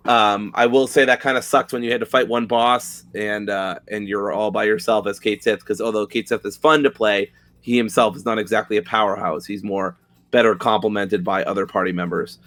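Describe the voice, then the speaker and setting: Low-voiced man gushing about games. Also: fairly even intonation, brisk, a bit bright. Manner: enthusiastic, loose and swearing casually. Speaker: podcast co-host. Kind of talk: casual gaming podcast chat.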